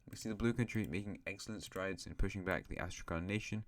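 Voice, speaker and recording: A man's voice: low voice, quick pace. A male host casually narrating an alternate-history map, rambling with asides and correcting himself.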